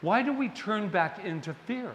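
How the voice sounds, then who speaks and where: Animated storytelling male minister. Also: sits high, normal speed, slight background noise. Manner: animated, playful storytelling with laughs. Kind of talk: sermon. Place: spiritual center sanctuary. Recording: long hall reverb, faint ambience.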